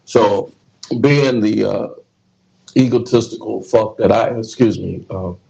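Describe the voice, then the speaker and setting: Gravelly-voiced man telling profane stories. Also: lowish voice, unhurried, mellow, dull audio. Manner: storytelling, profane, laughs often. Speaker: podcast host. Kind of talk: casual podcast chat.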